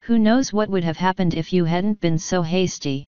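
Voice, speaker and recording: A woman reading the part of a retired older male colonel, speaking in a measured, wry and quietly scornful way. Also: on the low side, smooth, no echo, lightly acted. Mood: dry wry. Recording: dull lo-fi sound.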